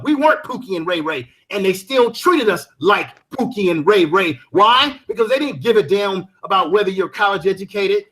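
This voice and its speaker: A middle-aged man on a video call in a heated online panel debate, talking emphatically and insistently, at times raising his voice to a shout. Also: high voice. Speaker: panel guest. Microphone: video call mic.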